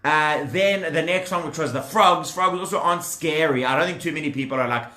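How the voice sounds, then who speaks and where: A man telling a story to children, lively and animated, talking straight to the kids and showing them toy props. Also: on the high side, brisk, reverberant.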